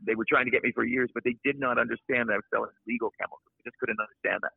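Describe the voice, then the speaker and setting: A man guest on a podcast, talking in a blunt, opinionated, rambling way, with a gravelly, husky voice. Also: medium pitch, steady tone, racing, no room sound. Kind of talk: casual podcast conversation. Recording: dry, tinny phone-like line.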